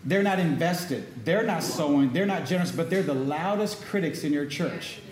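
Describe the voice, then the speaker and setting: In an echoey room with faint ambience, a middle-aged pastor delivers his sermon loosely and conversationally, calling out to the congregation for responses. His voice is on the high side and expressive, at normal speed.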